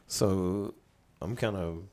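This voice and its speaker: A middle-aged man, a studio owner casually telling stories as a podcast guest with relaxed, rambling anecdotes. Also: low voice, takes it slowly. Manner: relaxed, rambling anecdotes, laughing as he tells them. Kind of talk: casual storytelling in a podcast interview.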